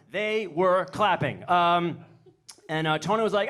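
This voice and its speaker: A man doing a stand-up comedy set on a club stage, rambling and self-deprecating, now and then shouting in goofy character voices. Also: sits high, moderate pace.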